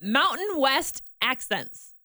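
A woman's voice: sits high, very animated, takes it slowly, pushed and bright. A woman from the US Midwest co-hosting a morning radio show, chatting casually and playfully, often laughing.

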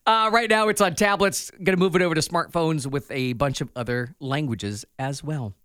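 A man's voice: fairly high pitch, moderate pace, no echo, clean studio sound. A man co-hosting a morning radio show, reading quirky news and chatting playfully with his co-host. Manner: playful, animated delivery. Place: radio studio.

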